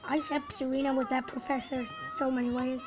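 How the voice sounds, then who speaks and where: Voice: sits high, level tone, quick pace, very noisy. A young person reacting to a show in casual, emotional commentary, exclaiming and close to tears. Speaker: reaction video host.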